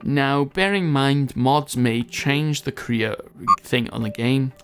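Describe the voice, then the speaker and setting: A man's voice: medium pitch, slow pace, fairly bright tone, clear, resonant tone, faint music behind. Chatty guy rambling over his game footage, laughs at himself, keeps forgetting stuff. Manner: rambling, chatty and self-mocking, often loses his thread. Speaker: gameplay commentator. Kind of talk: casual gameplay commentary.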